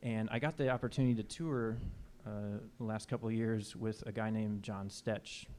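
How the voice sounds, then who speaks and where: Male jazz player, stage banter, low flat voice, easygoing and rambling. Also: normal speed, a little hiss or hum. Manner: relaxed, rambling with fillers. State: slightly out of breath. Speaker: jazz musician. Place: music venue stage.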